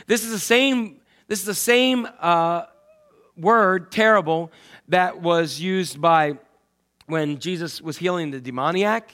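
A man's voice: high-pitched, takes it slowly, a bit bright. Conversational man preaching a sermon. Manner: conversational, asks the congregation questions. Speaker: pastor.

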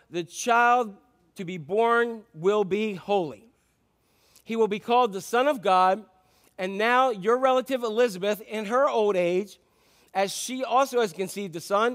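A male pastor giving a sermon in an informal, chatty way, full of fillers and joking asides. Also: high voice.

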